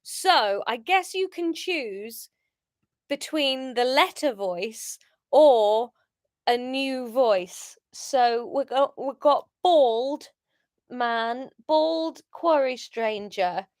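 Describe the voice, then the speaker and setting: A woman with a high, bright-pitched voice reads her own story aloud to a live audience. She breaks off into chatty, giggly asides, and the sound is dry and close. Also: expressive, very slow, dry recording. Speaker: author reading her own book. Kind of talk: live-streamed reading with chat asides.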